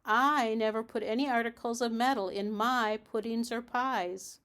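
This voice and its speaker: A woman's voice: fairly high pitch, steady tone, normal speed, fairly bright tone, natural voice. A woman voicing a prim, proper lady cat hostess in a storybook read aloud, speaking precisely and severely.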